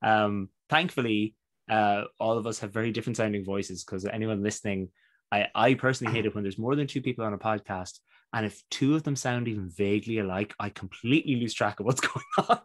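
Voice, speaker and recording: A man's voice: lowish voice, brisk. An Irish man hosting a podcast interview, chatty and laughing often. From Ireland. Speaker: podcast host. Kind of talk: casual interview chat.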